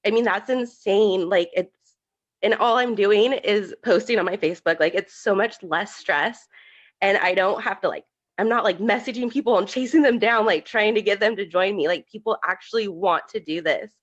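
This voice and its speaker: A woman's voice: medium pitch, normal speed, muffled recording. A young woman giving a tearful testimonial on a video call, talking with lots of "like" fillers. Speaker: new business promoter.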